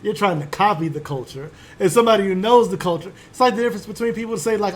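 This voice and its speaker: A high-voiced man from Chicago runs a tabletop game in an animated, emphatic way. He drops casual profanity and explains his points with vivid examples. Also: fast. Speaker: game master. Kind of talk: tabletop game narration and banter.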